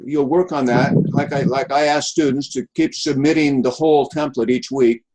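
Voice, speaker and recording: Halting male instructor on a call. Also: mid-range voice, fairly even intonation, darkish tone, rough recording. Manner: halting, with many restarts and fillers. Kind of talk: online class feedback session.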